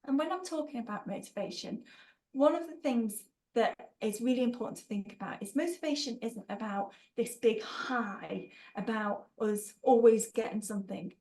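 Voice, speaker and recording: A woman trainer running an online workshop, with a fairly high voice and an upbeat, joking manner. She talks to participants in a friendly, encouraging way, reading out their answers and building on them. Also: normal speed, darkish tone, low-quality recording. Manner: upbeat, jokey, reads out participants' chat answers.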